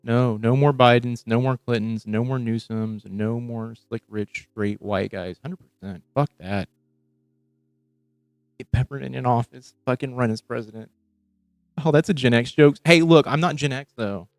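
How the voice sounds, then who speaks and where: A man's voice: mid-range voice, moderate pace, dry recording, faint music behind. Sarcastic young man reacting on a stream. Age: young adult. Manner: profane, sarcastic, mutters asides. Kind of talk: live reaction stream commentary.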